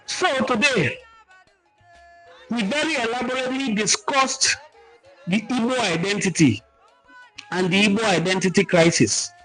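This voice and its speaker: High-voiced Nigerian man, emphatic host. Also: measured pace, pauses often, soft background music, poor audio. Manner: animated, emphatic teaching tone. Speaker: cultural talk host. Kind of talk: livestream talk reading viewer comments.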